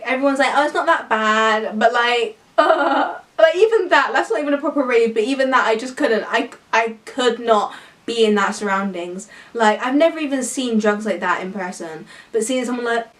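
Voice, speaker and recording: A young woman with a British accent talks straight to camera in a casual opinion vlog. She is animated and emphatic and fills her talk with "like". Her voice sounds a little distant from the mic. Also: medium pitch. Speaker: YouTuber.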